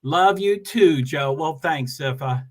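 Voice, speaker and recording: A man's voice: fairly high pitch, slow. A man hosting a casual livestream, greeting viewers and reading their comments, talking in a rambling, self-deprecating way with many restarts.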